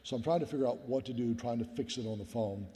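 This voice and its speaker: A man's voice: medium pitch, quick pace, mellow. A middle-aged man, a pastor, giving a sermon as an earnest personal story and often calling his listeners "guys.". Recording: long hall reverb.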